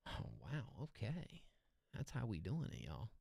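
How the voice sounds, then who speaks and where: A young man hosting a live-stream song review, excitable and slangy, laughing often as he reacts. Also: fairly low pitch, a little slow, gravelly, husky, dry recording, studio quality.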